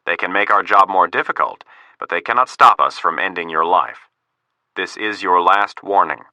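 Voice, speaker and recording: A cold, measured assassin delivering a threat, read by a male audiobook narrator. The tone is bright and firm over a low voice. The sound is dry and close. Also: dry recording, exaggerated voice. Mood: menacing.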